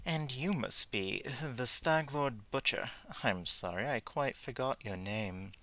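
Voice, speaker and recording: A man voicing an arrogant male baron who speaks slowly, offhandedly and haughtily in a game. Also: mid-range voice, bright, forceful tone, no room sound. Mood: haughty.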